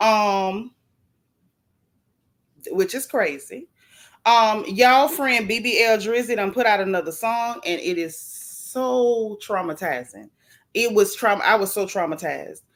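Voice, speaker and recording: A woman hosting a casual gossip livestream, chatty and animated, greeting viewers from the chat with swooping, playful emphasis. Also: medium pitch.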